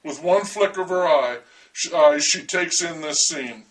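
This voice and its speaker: A man's voice: fairly high pitch, unhurried, recorded from a distance, a little hiss or hum, rough recording. A man reading a first-person story aloud in a wry, dryly humorous way.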